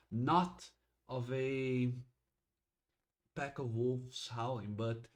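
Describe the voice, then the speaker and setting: Slow, halting man running a tabletop game. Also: medium pitch. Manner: halting, many restarts and fillers. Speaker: game master.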